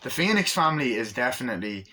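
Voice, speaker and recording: A man's voice: mid-range voice, sing-song, fast talker, sharp tone, a little hiss or hum. A man giving a casual, rambling movie review, swearing often and acting out scenes in funny voices. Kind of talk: casual spoken film review.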